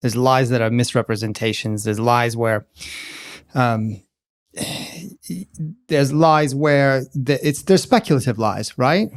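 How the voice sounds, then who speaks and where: A man's voice: mid-range voice, takes it slowly, long pauses. A man who is a journalist, a guest on a podcast, thinking aloud and hedging as he explains. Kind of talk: casual interview answer.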